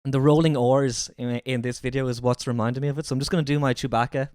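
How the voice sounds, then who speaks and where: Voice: medium pitch, steady tone, fast talker, a little mellow, no echo, studio quality. A streamer reacting to a video with casual, joking and profane mocking asides.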